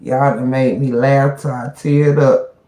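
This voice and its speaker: A woman's voice: rumbling low, little pitch movement, measured pace, mellow, roomy sound. A woman hosting a casual livestream, slangy and preachy, often exclaiming "child" and "Lord". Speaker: livestream host.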